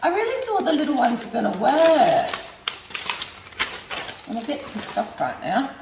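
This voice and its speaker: A woman's voice: high voice, very animated, a little slow, background noise. A young woman making a cooking vlog, chatting and thinking aloud as she cooks and swearing when things go wrong. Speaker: cooking vlogger. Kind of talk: casual cooking chat. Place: home kitchen. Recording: echoey kitchen, mic at a distance.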